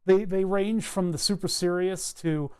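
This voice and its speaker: A man's voice: high-pitched, unhurried, smooth. Easygoing man tinkering at his workbench. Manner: relaxed, self-deprecating, chuckles often. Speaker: streamer building electronics projects live. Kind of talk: casual live-stream chat while tinkering. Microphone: wired microphone at his workbench.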